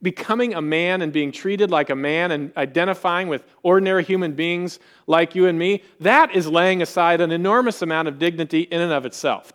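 A man preaching a sermon in an animated way, acting out quoted voices with rising emphasis. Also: on the high side. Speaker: pastor.

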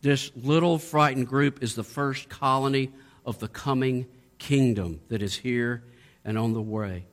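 A man's voice: mid-range voice, unhurried. A middle-aged man preaching a sermon, asking strings of rhetorical questions and building to emphatic peaks. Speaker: pastor.

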